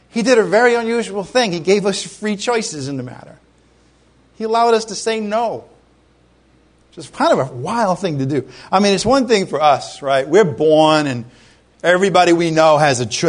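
High-voiced man preaching conversationally. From Rhode Island. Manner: conversational, animated storytelling with asides to the congregation. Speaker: pastor. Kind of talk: sermon.

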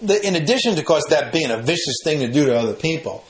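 A man's voice: on the high side, sing-song, fast talker. Echoey, emphatic male Bible teacher. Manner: explanatory, repeats and restarts phrases, rises in emphasis.

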